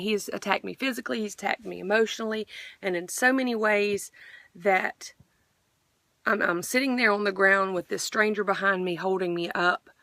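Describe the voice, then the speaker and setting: A woman's voice: mid-range voice, creaky, pushed and bright, no echo. A middle-aged woman earnestly sharing a personal faith testimony, rambling with frequent restarts.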